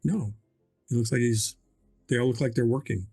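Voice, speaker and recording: Husky male game master, halting delivery, soft music bed. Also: mid-range voice. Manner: halting, hesitant narration with many fillers. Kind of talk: narrating a tabletop game.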